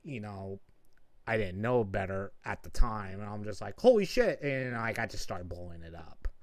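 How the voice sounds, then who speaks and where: A man's voice: fairly low pitch, fairly even intonation, normal speed, no room sound, studio quality. A man hosting a stream in casual chat, laid-back and loose, swearing freely. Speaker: stream host.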